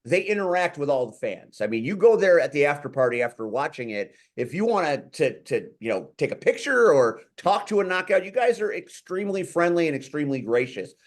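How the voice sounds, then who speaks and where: Male podcast host, enthusiastic rambler, lively intonation. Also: on the high side. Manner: enthusiastic, rambling, quick to laugh. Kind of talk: casual chat.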